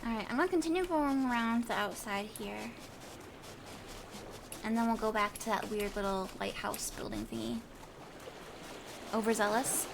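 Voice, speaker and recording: A woman with a fairly high voice plays through a game on stream, talking casually and poking fun at herself. Noticeable background noise sits under her voice throughout. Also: moderate pace, gravelly, long pauses. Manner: chatty and self-deprecating, musing aloud. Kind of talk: casual let's-play commentary, reading game text aloud.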